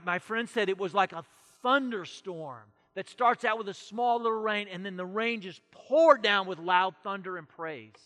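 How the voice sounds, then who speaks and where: Man preaching, passionate, bright forceful voice, slow deliberate delivery, long hall reverb. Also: high-pitched. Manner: impassioned preaching, swings from loud to hushed. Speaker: pastor. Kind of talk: sermon.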